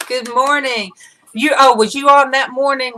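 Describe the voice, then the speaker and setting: A woman's voice: high-pitched, fairly even intonation, moderate pace, bright, forceful tone, a little hiss or hum, rough recording. A woman hosting a casual livestream, chatting and greeting viewers by name, laughing easily. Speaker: livestream host.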